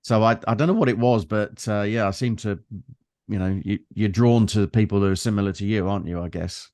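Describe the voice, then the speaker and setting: A low-pitched man in his fifties with a London accent talks in a reflective, meandering way. He often stops to fill gaps as he recalls stories. The sound is close and dry, with no room around it. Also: fairly quick, darkish tone, no room sound. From London, England. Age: 50s. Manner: reflective, meandering storyteller with frequent fillers. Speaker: guest. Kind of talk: casual conversation.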